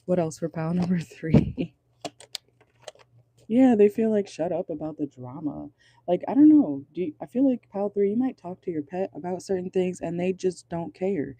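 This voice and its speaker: A man's voice: high voice, animated, moderate pace, dark tone, dry recording. A man giving a casual pick-a-card tarot reading in a car, chatty and amused, laughing often. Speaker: tarot reader.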